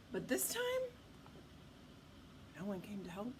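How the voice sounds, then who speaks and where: Reading a picture book aloud at children's storytime, a woman speaks slowly in a mid-range voice, leaving long pauses, with noise in the background. She's animated and often stops to ask her listeners questions.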